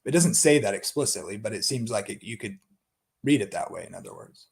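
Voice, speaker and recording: A man's voice: lowish voice, animated, brisk, creaky. Man musing over Bible translations. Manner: thinking aloud, many restarts and asides. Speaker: Bible study teacher. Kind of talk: unscripted Bible study talk.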